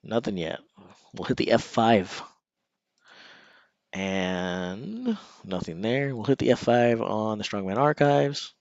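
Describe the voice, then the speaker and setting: Male stream host, low voice, chatty and direct with viewers; dry, muffled mic. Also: sing-song, takes it slowly, pauses often, no echo. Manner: conversational, talks straight to viewers. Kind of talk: casual live stream chat.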